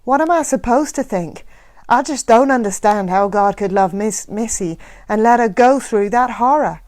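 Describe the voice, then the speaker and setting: A woman reading aloud plays an anguished middle-aged father, loud and strained, pleading in a raised, ragged voice. Her pitch sits fairly high for the part, straining upward as he begs. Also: moderate pace, no echo, close to an everyday voice. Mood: troubled. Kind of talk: live reading of a novel.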